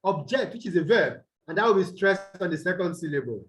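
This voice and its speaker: A man tutoring English pronunciation over a video call, asking questions and answering them himself, and repeating words slowly to show where the stress falls. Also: sits high, expressive, a bit bright, low-quality recording. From Nigeria. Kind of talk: online tutorial lesson.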